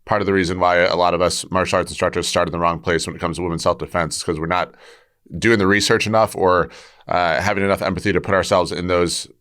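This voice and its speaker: In a conversational podcast interview, a host with a martial arts background asks his questions fast, in a low, slightly bright voice with a steady tone. He works through his thoughts out loud, frequently starting his sentences over.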